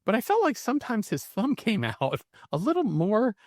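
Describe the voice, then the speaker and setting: A man's voice: high voice, moderate pace, no room sound, clean studio sound. A man co-hosting a podcast, chatting casually and laughing about a bad horror movie. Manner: lively, laughing, animated storytelling. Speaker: podcast co-host. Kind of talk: casual movie review chat.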